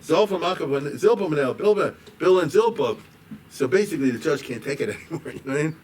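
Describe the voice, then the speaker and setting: A rabbi explaining a liturgical poem to a class in a conversational way, with frequent asides and chuckles. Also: male voice, a little high, expressive, fast talker, darkish tone, husky. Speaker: rabbi and teacher. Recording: distant mic with faint background noise.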